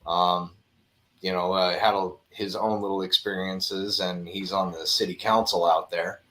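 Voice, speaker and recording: A man's voice: low voice, level tone, measured pace, fairly bright tone. A man hosting a casual livestream chat, rambling with lots of filler words and chuckles. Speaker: livestream host. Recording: roomy echo.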